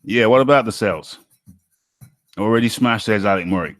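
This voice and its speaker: A man's voice: fairly low pitch, a little fast, dry recording, soft background music. A man hosting a live boxing talk stream, reading out viewer comments and chatting back to them, often saying things twice in an upbeat way. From United Kingdom. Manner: repeats his phrases, chatty and upbeat.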